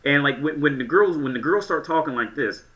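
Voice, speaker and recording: A man's voice: a little high, expressive, a little fast, sharp tone. A man giving casual reaction commentary in a blunt, crude way, often stammering and restarting his sentences.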